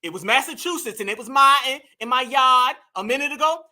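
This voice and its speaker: A man's voice: very high voice, lively intonation, brisk, bright, forceful tone. A man giving reaction commentary on a clip, emphatic and preachy, talking straight to his audience. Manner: emphatic, preachy, addresses the audience as "fam" and "y'all". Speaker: online political commentator.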